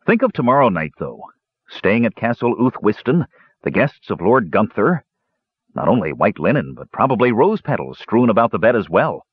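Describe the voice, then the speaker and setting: A man's voice: on the low side, very animated, normal speed, slightly rough, lo-fi sound. A man voicing a jovial young warrior with an easy, good-humoured way of talking. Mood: easygoing.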